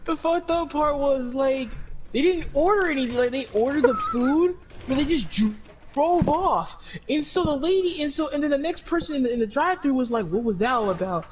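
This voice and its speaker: A man's voice: extremely high pitch, animated, normal speed, slight background noise. A man telling rambling, profane stories in a casual chat, full of restarts and acted-out quotes. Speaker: podcast co-host telling work stories.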